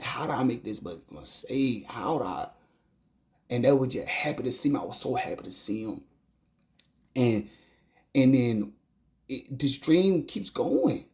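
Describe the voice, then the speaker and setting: Guy retelling a dream as a testimony, stumbles and repeats words, goes quiet and whispery sometimes. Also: mid-range voice. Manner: halting, repeats phrases and stumbles over words; drops to a hushed whisper at tense moments. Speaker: person giving a testimony.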